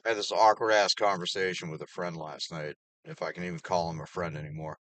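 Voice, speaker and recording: A man delivering an angry, heavily profane personal rant, swinging between loud outbursts and low mutters. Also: steady tone, fast talker, no room sound. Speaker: vlogger.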